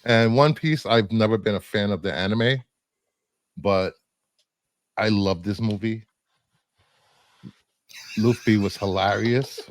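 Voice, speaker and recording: A man's voice: fairly low pitch, slow, pauses often, no echo. A man co-hosting a casual chat, rambling through his film picks with fillers and the odd laugh. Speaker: co-host presenting film picks.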